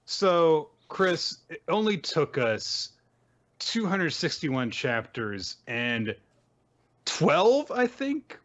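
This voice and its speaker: A man's voice: fairly high pitch, a bit bright. A man co-hosting a podcast, talking over manga in a thoughtful, musing way. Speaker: podcast co-host. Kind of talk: casual manga discussion. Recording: dull, muffled mic.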